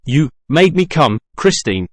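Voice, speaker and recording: A man's voice: a little high, sing-song, measured pace, dry recording, clean studio sound. A man reading the lines of a shy, jealous young nobleman in an earnest, pleading way.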